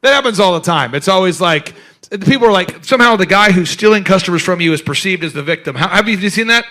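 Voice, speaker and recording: Male workshop host: high, animated, jokey, quizzes the room. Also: fast talker. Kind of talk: energetic business workshop talk.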